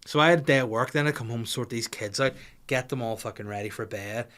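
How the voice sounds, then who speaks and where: Sweary comic telling a story. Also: male voice, mid-range voice, quick pace. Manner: rambling, sweary and excitable. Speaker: comedian podcast host.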